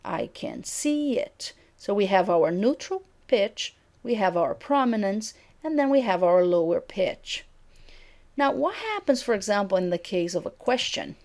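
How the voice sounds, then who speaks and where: Woman lecturing clearly on intonation. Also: medium pitch, very animated, normal speed, darkish tone. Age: middle-aged. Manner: clear, demonstrative, acts out example sentences.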